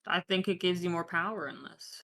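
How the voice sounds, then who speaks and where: A woman plays her character in a tabletop game with a low voice and a gravelly edge. Her tone is bright and tense. She talks in a dry, casual way. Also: a little fast. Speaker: player voicing her character. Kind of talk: in-character tabletop role-play.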